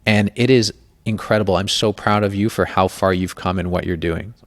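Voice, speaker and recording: A man's voice: low-pitched, fairly even intonation, a little fast. A man hosting a podcast, talking candidly and emotionally in a casual chat, swearing freely. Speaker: podcast host.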